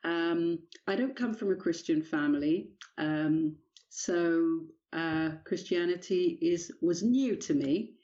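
Soft-spoken English woman with a dull sound. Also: fairly low pitch, slow, few pauses. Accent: British English. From England. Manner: hesitant, many ums, soft-spoken. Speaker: guest author. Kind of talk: personal testimony in an interview.

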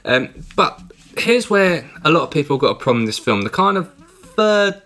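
Bright-voiced chatty English man. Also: a little high, sing-song, normal speed. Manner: chatty, rambling, swears casually. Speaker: podcast co-host. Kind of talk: casual film review chat.

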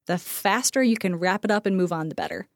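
Animated American woman chatting with a co-host. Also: mid-range voice, quick pace, dry recording, clean studio sound. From United States. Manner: animated, acts out quoted dialogue in shifting voices; laughs often, filler-heavy. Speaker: podcast co-host. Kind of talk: casual chat.

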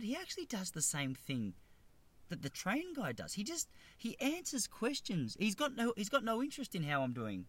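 A man's voice: sits high, huge pitch swings, fairly quick, fairly bright tone. Rambling Australian man in his thirties. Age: 30s. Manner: rambling, self-deprecating, stumbling restarts. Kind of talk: comedic monologue.

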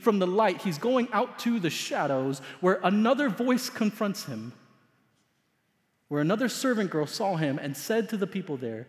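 A man preaching a sermon as pastor, telling a story dramatically, swinging between loud emphasis and hushed asides. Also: sits high, sing-song, moderate pace. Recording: long hall reverb.

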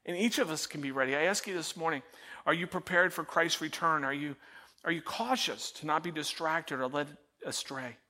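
A middle-aged male pastor preaching in a church auditorium, his voice high-pitched and bright. He tells stories with lively, self-mocking energy and then softens into quiet, earnest prayer. The delivery is warmly conversational, like a man talking straight to his congregation. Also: moderate pace. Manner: animated storytelling, self-mocking, turning quiet and prayerful at the close. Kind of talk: sermon.

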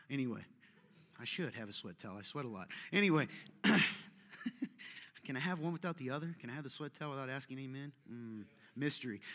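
A male pastor delivers a sermon with a bright, forceful voice that sits a little high for a man. He teases and jokes with the congregation, then builds to emphatic, pointed questions. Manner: joking, teases the congregation, rising to emphatic calls. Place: church hall.

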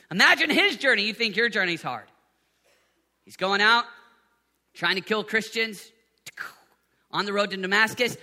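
A middle-aged man preaching to a youth conference, animated, swinging from hushed tones to shouts. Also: high voice, unhurried, pauses often. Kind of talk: sermon. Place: conference venue in Birmingham, Alabama.

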